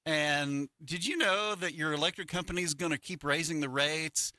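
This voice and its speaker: A man's voice: on the high side, normal speed, no echo. A middle-aged man co-hosting a morning radio show, telling stories in casual chat and acting out the people he quotes. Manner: animated storytelling with acted-out quotes. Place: radio studio. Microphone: studio microphone.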